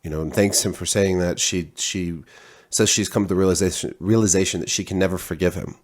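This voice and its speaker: Middle-aged male reviewer, very low voice, loose rambling delivery. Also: steady tone, a little fast. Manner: rambling, many restarts and fillers. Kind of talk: casual spoken review.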